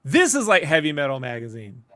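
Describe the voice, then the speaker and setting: A man co-hosting a casual review chat, animated and rambling, laughing often. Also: a little high, fairly quick, no echo. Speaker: podcast co-host.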